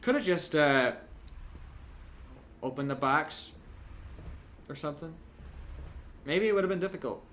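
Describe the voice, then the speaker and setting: A young man commentating a video game playthrough, chatty and jokey, with sudden loud yelps. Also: a little high, animated, slow pace, long pauses, a little hiss or hum. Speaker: gameplay commentator. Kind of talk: let's play commentary.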